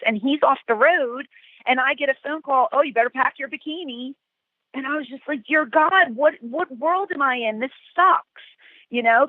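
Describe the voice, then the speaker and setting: A middle-aged woman, a guest, telling animated stories and acting out the quotes. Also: on the high side, no room sound. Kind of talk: storytelling interview. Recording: tinny phone-like call, dry.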